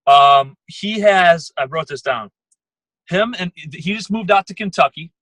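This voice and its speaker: A man rallying his sales team over a call, emphatic and driving, doubling up words as he presses on. His voice sits a little high and sounds bright and edged, with a slightly husky grain and a dry, close sound. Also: animated, no room sound, poor audio. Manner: fast, emphatic, repeats words, coaching tone. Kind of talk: motivational team talk. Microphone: phone or computer call.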